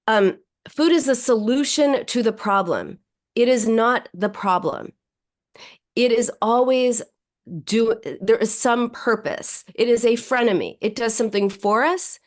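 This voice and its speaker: A woman's voice: fairly high pitch, unhurried. A woman psychoanalyst speaking as a guest on a podcast interview, explaining her ideas and acting out quoted self-talk.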